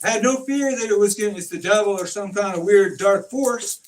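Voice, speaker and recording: A man telling stories in a casual chat, acting out quoted dialogue with animated swings in his delivery. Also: high voice, brisk. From California. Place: informal home conversation. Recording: distant mic with faint noise.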